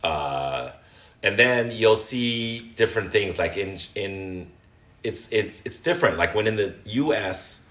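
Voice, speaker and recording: A man with a very low American voice tells stories in a relaxed, chatty way, full of "like" and "you know". He acts out fans' shouts with a lot of energy. The room around him is echoey. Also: unhurried. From Los Angeles, USA. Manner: animated, acts out fans' shouts, many fillers. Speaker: guest, sports host and entertainer. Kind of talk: casual interview storytelling.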